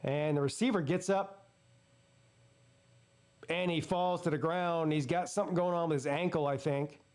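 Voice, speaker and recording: Male host with a Southern accent, high voice, live game reaction, excitable play-by-play. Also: normal speed. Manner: excitable play-by-play, jumps up in pitch on big plays. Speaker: sports streamer host. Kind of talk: live watch-party commentary.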